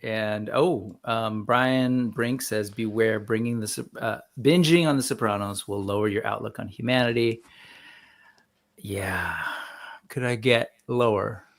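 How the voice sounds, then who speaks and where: A man's voice: on the low side, unhurried, vocal fry. A man in his forties hosting a casual livestream, chatting loosely and greeting viewers by name as he reads the live chat. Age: 40s. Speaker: host.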